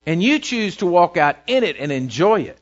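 Preacher guy, lively sing-song delivery, talks right to the crowd, goes soft n quiet for prayers, kinda muffled recording. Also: high voice, normal speed. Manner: conversational, checks in with listeners, shifts to soft quiet voice for prayers. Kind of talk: sermon. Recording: dull lo-fi recording.

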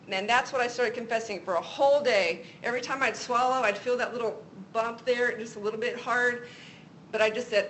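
A woman's voice: fairly high pitch, fairly quick, a bit bright, a little hiss or hum, low-quality recording. A middle-aged woman co-hosting a Christian talk show, giving an earnest faith teaching and telling personal stories. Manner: earnest, testimony-style storytelling.

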